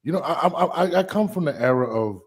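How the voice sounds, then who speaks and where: A man's voice: fairly high pitch, expressive, quick pace, husky. A man co-hosting a casual boxing podcast, talking loosely with frequent restarts. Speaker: podcast co-host.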